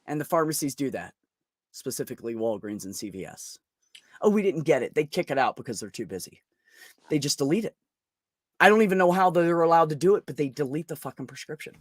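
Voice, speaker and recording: A man's voice: a little high, dry recording. A middle-aged man hosting a podcast, venting bluntly in casual chat with heavy swearing. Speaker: podcast host.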